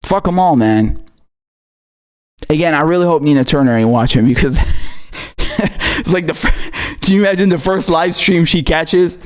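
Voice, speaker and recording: A man's voice: a little high, measured pace, long pauses. A man hosting a livestream of political commentary. He reads viewer messages and rants angrily, with lots of swearing. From outside the United States. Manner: angry, profane ranting with laughter.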